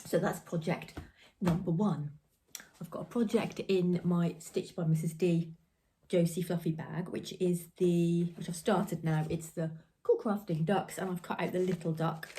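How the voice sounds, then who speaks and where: A woman's voice: fairly low pitch, mellow. A woman hosting a crafting podcast, chatting in a rambling, giggly way from her home. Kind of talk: casual chat.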